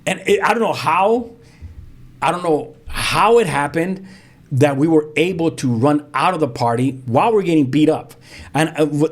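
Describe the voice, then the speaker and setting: A man, a pastor telling his own story as a guest in lively, vivid storytelling with street slang and sound effects. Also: on the high side. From South Central Los Angeles. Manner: frequent restarts, street slang. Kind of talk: animated storytelling.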